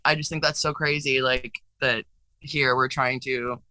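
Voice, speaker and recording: A man's voice: mid-range voice, steady tone, unhurried, bright, forceful tone, clear, resonant tone, no room sound, low-quality recording. A man hosting a podcast, talking casually and agreeing often with his guest. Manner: chatty, agreeable, frequent yeahs. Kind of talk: casual chat.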